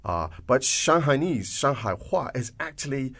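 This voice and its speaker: A man hosting a podcast language lesson, explaining phrases in English with halting restarts. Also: mid-range voice, big pitch swings, a bit bright. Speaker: language teacher, host.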